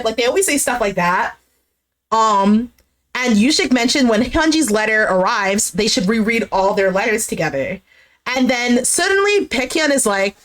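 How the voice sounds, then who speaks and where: A woman's voice: on the high side, expressive, moderate pace, fairly bright tone. A woman chatting casually as she recaps a reality dating show, acting out what people said and swearing now and then.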